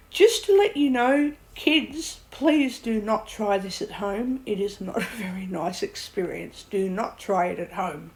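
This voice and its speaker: A woman's voice: medium pitch, expressive, slow, low-quality recording. Woman vlogger, rambling vent, blunt, swears, laughs it off, mid-range voice. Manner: blunt, swears, laughs at her own ordeal.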